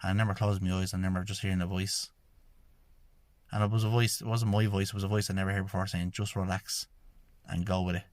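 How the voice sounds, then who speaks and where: Deep and a little mellow, the man's voice moves quickly with little pitch variation in a dry recording. An Irish shamanic healer and podcast host from Ireland, he tells his own story at length, retelling conversations with a steady stream of "I says."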